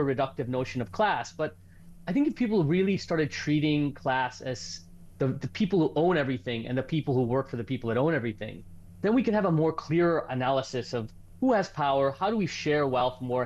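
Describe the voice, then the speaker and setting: A man's voice: fairly high pitch, a little mellow, muffled recording. A man taking part as an academic guest in a studio interview, arguing his points earnestly. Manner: earnest, argumentative.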